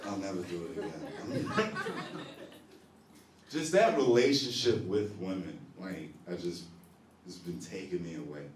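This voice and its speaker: A man's voice: low-pitched, unhurried, slight background noise. A young man doing a stand-up set in a comedy club, laughing often and working the crowd. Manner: animated, laughing, talks back to the audience. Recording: roomy live club recording from a distance.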